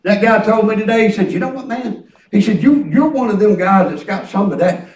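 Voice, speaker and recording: In an echoey church hall recorded from a distance, a preacher with a high-pitched, slightly mellow voice speaks briskly and with animation. He tells folksy tales and draws responses from the congregation.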